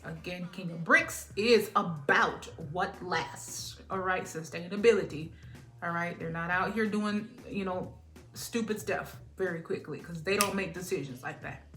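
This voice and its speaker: A woman giving a casual spiritual reading who laughs often, acts out quotes loudly and keeps asking "all right?". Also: on the low side, normal speed, echoey room, soft background music. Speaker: tarot reader.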